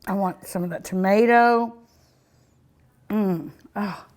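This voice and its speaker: A woman's voice: medium pitch, slow, a little mellow, a little hiss or hum. A woman hosting a cooking show, tasting her food with many delighted mmms and chatting to her dog and her viewers. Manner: sometimes talks with mouth full. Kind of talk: casual food tasting vlog.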